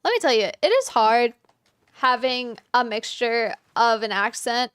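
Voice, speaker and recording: A woman with a Virginian Southern accent, chatting casually and rambling while she streams a game, with frequent "like"s and quick laughs. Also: fairly high pitch, animated, fairly bright tone, smooth. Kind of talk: casual live-stream chat while gaming.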